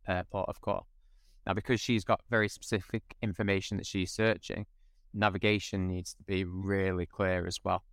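A man's voice: low-pitched, gravelly, no echo, clean studio sound. A man speaking as a podcast guest, explaining steadily in casual conversation.

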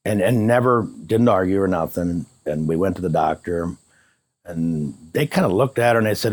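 A man's voice: deep voice, animated, normal speed, no echo. A man, an interview guest, casually telling a personal story and acting out both sides of the remembered dialogue.

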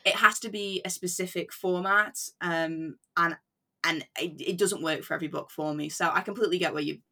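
Podcast guest, young woman, low gravelly voice, chatty. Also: steady tone, pushed and bright. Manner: chatty, quick, self-deprecating. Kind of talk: casual book chat.

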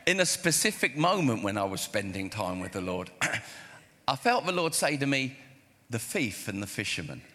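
A man preaching a sermon in a church hall, his mid-pitched voice ringing with long reverb. He tells stories with animation and acts out the dialogue, shifting between voices. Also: normal speed. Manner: animated storytelling, acting out dialogue. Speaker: pastor.

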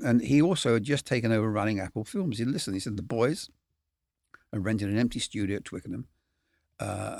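A man's voice: mid-range voice, vocal fry, darkish tone, no echo, studio quality. An older man, a film cameraman telling rambling, candid stories as a guest. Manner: rambling, candid, swears casually, chuckles. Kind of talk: anecdotal storytelling.

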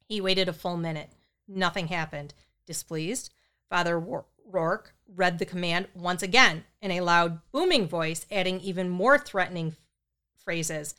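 A woman's voice: on the low side, normal speed, a bit bright, clean tone. A woman narrating a true paranormal story in a matter-of-fact way.

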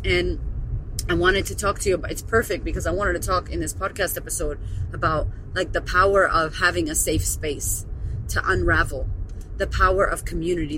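A woman from the Melbourne area, with a fairly bright voice on the low side, hosts her own podcast as a confidence coach, with slight background noise audible. In a casual monologue she's a gushing, emotional storyteller who swears plenty.

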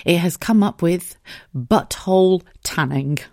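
A woman's voice: sits low, noisy background. An English woman in her thirties hosting a casual solo podcast, chatty and giggly, swearing freely. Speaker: podcast host.

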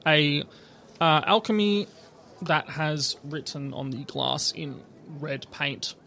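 Gravelly-voiced man running a tabletop game. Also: a little high, slow, sharp tone. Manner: loose and hesitant, many fillers and restarts. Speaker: game master.

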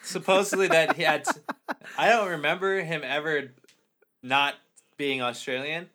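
A man's voice: fairly high pitch, a little slow, bright, forceful tone. A young man co-hosting a podcast in casual chat, rambling and joking, with lots of fillers and swearing. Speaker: podcast co-host.

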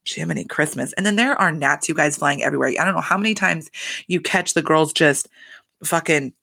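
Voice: medium pitch, brisk, creaky, sharp tone. A reality TV recap host talking in a casual, chatty, profane way, full of fillers.

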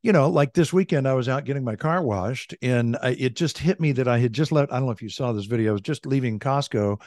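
A middle-aged male coach talks in an upbeat, conversational way, often tossing in "right?" and "like." His voice sits at an ordinary pitch and is recorded on a close studio mic in a dry home office with no room echo. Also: quick pace. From California. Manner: energetic, conversational, frequent "like" and "right?". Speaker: leadership coach. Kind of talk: podcast interview, storytelling. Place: home office with a large bookshelf. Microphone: studio desk mic.

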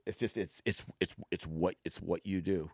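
A man's voice: sits low, fairly even intonation, normal speed, darkish tone, dry recording, studio quality. A middle-aged man, a father hosting a podcast, chatting casually with his son and acting out quoted exchanges as he tells stories. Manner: storytelling, acts out quoted exchanges. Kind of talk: casual family conversation.

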